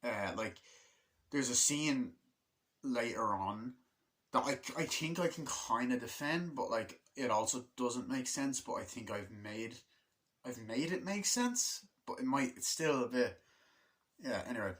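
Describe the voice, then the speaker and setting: A man with a medium-pitched, fairly bright, expressive voice gives a casual spoken movie review. He rambles chattily with lots of fillers and restarts, and acts out film characters' lines in quick put-on voices.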